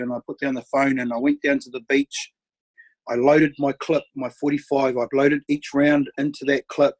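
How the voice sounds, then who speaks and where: A man's voice: mid-range voice, low-quality recording. A middle-aged man, a podcast guest earnestly telling his life story and acting out past conversations. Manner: earnest storytelling with quoted dialogue, often dropping quiet.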